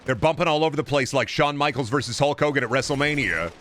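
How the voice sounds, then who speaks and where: A man's voice: medium pitch, fast, a bit bright, slight background noise. Sarcastic, profane young man ranting over gameplay. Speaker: gaming streamer. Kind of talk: casual gameplay commentary.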